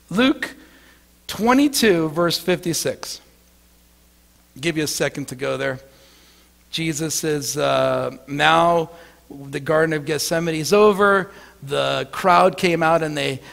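A man's voice: high-pitched, creaky, a bit bright, big-room sound. A male pastor giving an earnest sermon, often repeating words as he starts his sentences.

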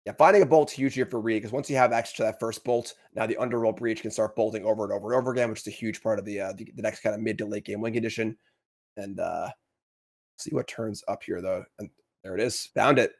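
A man casually commentating a card game match, chatty and quick to laugh, with lots of fillers and restarts. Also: lowish voice, fairly even intonation.

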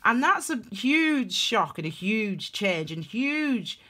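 A young woman giving a casual tarot reading to camera, emphatic and animated, repeating phrases for stress. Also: a little high, slow. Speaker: tarot reader.

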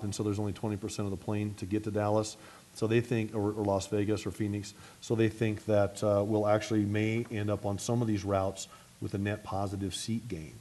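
With a lowish voice, a middle-aged mayor rushes through an energetic luncheon address and answers questions from the audience, repeatedly breaking off and starting his sentences over.

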